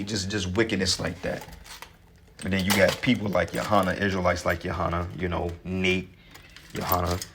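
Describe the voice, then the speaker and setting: A man's voice: low voice, background noise. A man with a congested voice giving casual, heated religious talk, profane and ranting, with scripture readings between. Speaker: religious commentator.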